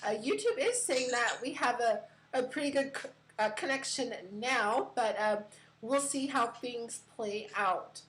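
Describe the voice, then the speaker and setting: Casting: woman host, slightly high voice, casual stream chat full of uhs and light laughs. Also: expressive, unhurried, fairly bright tone, rough recording. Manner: chatty, many fillers and uhs, giggly.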